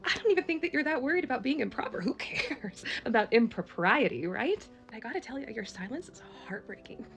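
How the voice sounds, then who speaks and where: A woman's voice: high voice, big pitch swings, a little fast, hardly any pauses. A woman making an impassioned, emotional direct-to-camera plea as a social media creator, laughing through tears.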